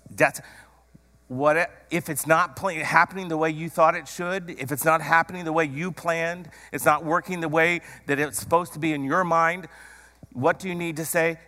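Bright-voiced male preacher in reverb. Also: on the high side. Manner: repetitive, emphatic preaching with rhetorical questions. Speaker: pastor. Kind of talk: sermon. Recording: long hall reverb.

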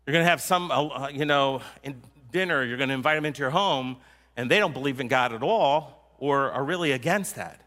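A man's voice: medium pitch, a little fast, sharp tone, long reverb tail. A man preaching a sermon as a pastor, in a conversational way and teasing his congregation.

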